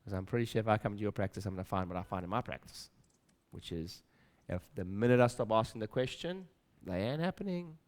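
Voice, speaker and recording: Lower-voiced man giving a stage talk. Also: animated, fast. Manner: emphatic, repeats phrases, acts out his own inner voice, asks the audience questions. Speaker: speaker at a practice-building seminar. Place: stage in a room with an audience.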